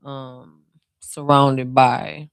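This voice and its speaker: A tarot reader with a New Orleans accent gives a casual card reading and speaks straight to the listener. The phrasing is slow and drawn out, full of soft fillers. The voice sounds dry and close, with no room echo. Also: medium pitch, flat delivery, creaky, clean tone. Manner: reassuring, speaks straight to the viewer.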